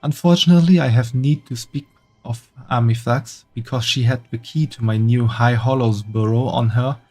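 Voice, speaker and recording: A man's voice: medium pitch, fairly even intonation, moderate pace, a little mellow, soft background music, natural voice. A man voicing a chatty quest-giver in a game, speaking theatrically and dragging out his words.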